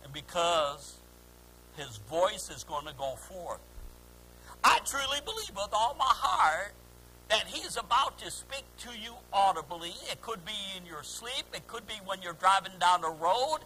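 High, bright-voiced fervent male preacher. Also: sing-song, a little slow, a little hiss or hum, low-quality recording. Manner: fervent preaching with shouted calls and laughs. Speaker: pastor. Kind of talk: sermon.

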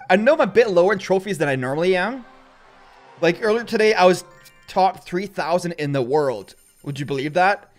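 A high-voiced young man calls out his own gameplay as a host. His voice swings widely and jumps to loud, excited shouts. Faint music plays behind him. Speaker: gaming channel host. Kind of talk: gameplay commentary.

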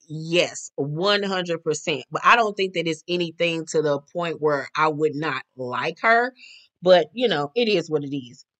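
Sassy, animated woman recapping TV. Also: fairly low pitch. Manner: sassy and animated, full of slang. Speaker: reality TV recap host. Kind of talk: casual recap commentary.

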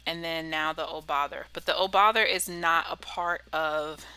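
A woman's voice: deep voice, fairly even intonation, normal speed, sharp tone, clean tone, dry recording, low-quality recording. A woman in her thirties chatting casually through a planner voiceover, a bit cracky-voiced, saying y'all and laughing often. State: slightly cracky voice. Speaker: planner vlogger. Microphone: voiceover mic.

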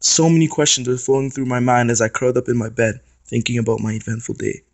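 A young man reads his own short story aloud in steady first-person narration. His voice sits at an ordinary middle pitch. The recording is dry and close, with no room echo. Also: quick pace. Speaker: student reader.

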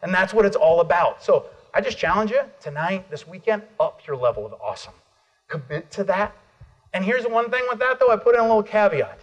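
A middle-aged American man giving an energetic motivational keynote at a conference, calling on the audience for responses. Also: high voice, fairly quick, highs cut off. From United States. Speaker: motivational speaker.

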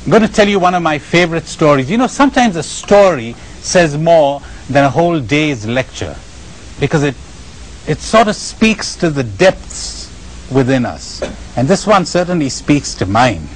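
A man with an Indian accent giving a spiritual lecture, telling stories emphatically with dramatic pauses and chuckles. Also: a little high, very animated, a little hiss or hum, rough recording. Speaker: spiritual retreat speaker.

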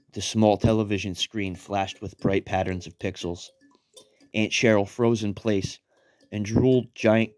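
Deadpan low-voiced male storyteller. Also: no echo. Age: 30s. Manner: deadpan, wry, profane. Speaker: narrator. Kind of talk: storytelling narration.

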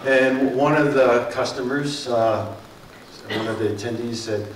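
A man's voice: mid-range voice, level tone, measured pace, a little hiss or hum. Middle-aged man, Philadelphia and South Jersey accent, folksy rambling public talk, lots of fillers, echoey room, distant mic. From Mid-Atlantic US. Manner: folksy and rambling, with many fillers and self-corrections. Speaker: water district speaker. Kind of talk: public talk to a community forum. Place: meeting room.

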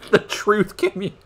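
Scornful, swearing reaction streamer. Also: mid-range voice. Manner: profane, scornful, sarcastic. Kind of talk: live-stream reaction commentary.

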